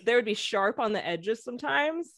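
A woman's voice: a little high, expressive, moderate pace. A woman telling stories as a guest on a casual podcast, rambling with many fillers and restarts. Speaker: guest, former theme park employee.

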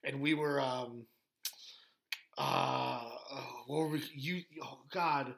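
A man's voice: medium pitch, fairly even intonation, slow pace, gravelly, fairly bright tone. A man, a former pro wrestler, rambling through stories in casual podcast chat with lots of fillers and laughter.

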